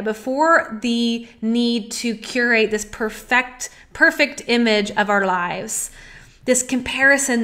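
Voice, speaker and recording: A woman's voice: fairly high pitch, a bit bright. A woman in her thirties hosting a podcast, giving an earnest and emotional personal monologue that builds to heartfelt pleas. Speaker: podcast host.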